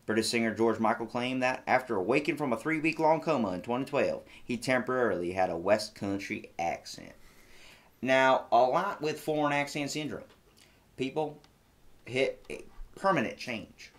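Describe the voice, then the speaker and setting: A man's voice: medium pitch, normal speed. A man co-hosting a comedy podcast who reads out notes in an emphatic, theatrical manner. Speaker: podcast co-host.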